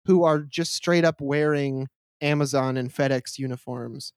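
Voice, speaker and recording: A man's voice: medium pitch, fairly even intonation, measured pace, clear, resonant tone, dry recording, clean studio sound. A man co-hosting a comedy podcast, talking in casual chat. He jokes, laughs often and slips into silly voices. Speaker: podcast co-host.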